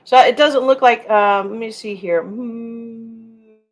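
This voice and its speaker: A woman's voice: on the high side, takes it slowly. A middle-aged woman hosting a casual livestream, rambling and reading out viewer comments. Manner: rambling, chatty, reads viewer comments aloud. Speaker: livestream host.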